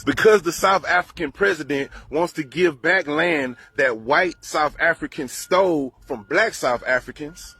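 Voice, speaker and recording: A male host giving emphatic, indignant reaction commentary in a steady narrating delivery. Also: a little high, breathy edge, dry recording.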